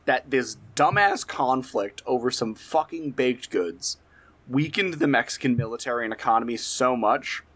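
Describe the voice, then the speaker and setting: A man's voice: medium pitch, a bit bright. A man co-hosting a comedy history podcast, telling a story casually with lots of swearing and laughter. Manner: profane, laughing, slow drawling emphasis. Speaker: podcast co-host.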